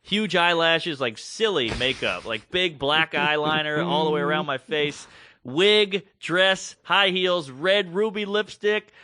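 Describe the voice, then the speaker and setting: A man co-hosting a podcast, telling a long story in a casual, animated way and acting out the voices of the people in it. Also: a little high, unhurried, no echo. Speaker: podcast co-host.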